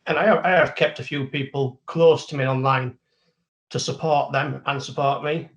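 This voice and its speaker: A man's voice: medium pitch, fairly even intonation, moderate pace, muffled recording. A man with a Yorkshire accent, a plumber guest on a podcast, speaking in a reflective, plain-spoken way. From Yorkshire, England. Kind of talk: casual podcast chat.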